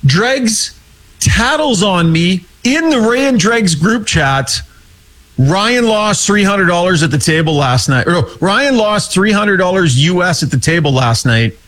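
A man's voice: sits high, lively intonation, unhurried, fairly bright tone. A man telling an exasperated, rambling story in casual chat over a video call. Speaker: hockey podcast co-host and weekly guest.

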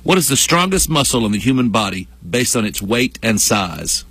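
A man's voice: mid-range voice, big pitch swings, normal speed, a bit bright, husky, no echo. A man hosting a morning radio show, chatty and playful, joking with his co-host in the studio. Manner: chatty, playful, repeats himself for laughs. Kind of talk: jokey morning radio banter. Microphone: studio microphone.

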